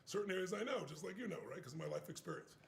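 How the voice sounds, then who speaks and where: An older man telling a story in an emphatic, animated way. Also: high voice, rapid-fire, gravelly, a little hiss or hum. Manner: emphatic, acts out quoted voices.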